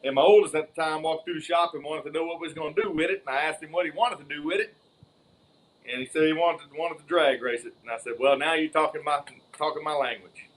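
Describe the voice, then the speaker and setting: A man's voice: fairly high pitch, quick pace, low-quality recording. A man from near Baton Rouge with a Southern Louisiana drawl, telling his story at an easy pace with lots of "uh" fillers. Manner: easygoing storyteller, hesitant fillers. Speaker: guest, racing father.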